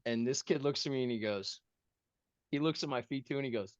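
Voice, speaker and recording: A man's voice: mid-range voice, fairly quick, no echo. Self-mocking storytelling man, dry lo-fi sound. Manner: animated, self-mocking, casual with dude and bro. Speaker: podcast guest. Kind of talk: humorous storytelling.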